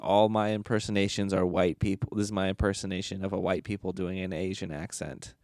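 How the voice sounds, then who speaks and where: Young male podcast host, gravelly and low-pitched, joking and rambling alone at the mic. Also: little pitch movement, a little fast, a little mellow, no room sound, studio quality. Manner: joking, rambling, self-mocking. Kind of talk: casual solo podcast chat. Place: bedroom at home. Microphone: podcast microphone.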